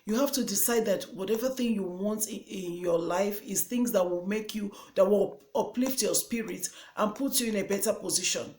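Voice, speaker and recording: A woman's voice: mid-range voice, moderate pace, hardly any pauses, a little mellow. A woman with a Nigerian English accent giving earnest motivational advice in a vlog. She repeats herself for emphasis. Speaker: vlogger. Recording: echoey room.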